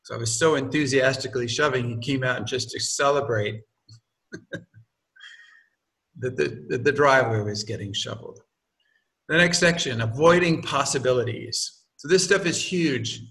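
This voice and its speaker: A man reads aloud from his own book, often pausing for loose, joking asides and homely examples to explain things. His voice is medium in pitch and a bit bright, at normal speed, and he sounds distant from the mic.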